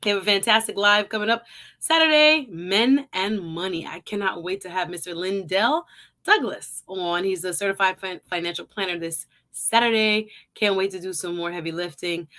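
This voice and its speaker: A woman's voice: medium pitch, moderate pace, sharp tone. A woman born in Jamaica with a light Jamaican accent, hosting a casual livestream and greeting viewers by name in a chatty way. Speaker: livestream show host. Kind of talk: casual live-stream intro.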